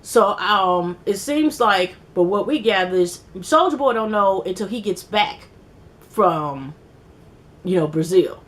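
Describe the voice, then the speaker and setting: A woman casually recapping a reality TV episode, rambling and animated, acting out quotes and swearing freely. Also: medium pitch, slow. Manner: rambling, animated retelling with quoted voices and profanity. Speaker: TV recap vlogger.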